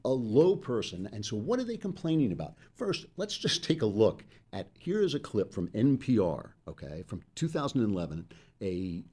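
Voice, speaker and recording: A man's voice: on the low side, dark tone. A middle-aged man hosting political commentary, delivering an emphatic, sarcastic opinion monologue. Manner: emphatic, sarcastic, interrupts himself with asides.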